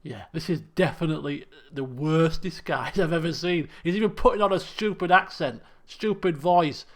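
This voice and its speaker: A man commenting as he plays a game, animated, laughing and muttering to himself as he thinks. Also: a little high, moderate pace. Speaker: let's play host. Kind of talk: gameplay commentary.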